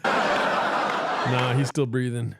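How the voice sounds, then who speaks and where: A man's voice: medium pitch, extremely slow, vocal fry, over a noisy crowd, heavy background noise. A man co-hosting a casual livestream, chatting and laughing at himself. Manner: animated, self-mocking, laughing. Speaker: co-host.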